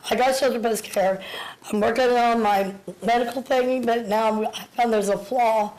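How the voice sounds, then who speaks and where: A woman in her fifties, out of breath, giving an emotional, halting public comment at a city council meeting. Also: fairly high pitch, steady tone, darkish tone, poor audio. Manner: emotional, halting, repeating words.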